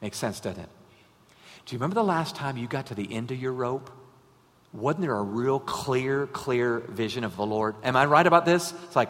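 A man's voice: medium pitch, normal speed. Conversational male preacher in a reverberant hall. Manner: animated, conversational preaching with rhetorical questions. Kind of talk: sermon. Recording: long reverb of a large hall.

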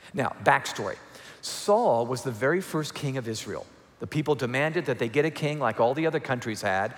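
A man preaches to his congregation, retelling an old story in a relaxed, chatty way with wry jokes. His voice sits at an ordinary middle pitch. The sound carries the long echo of a large church hall. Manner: conversational storytelling with humorous asides. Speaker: pastor. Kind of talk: sermon. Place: church sanctuary.

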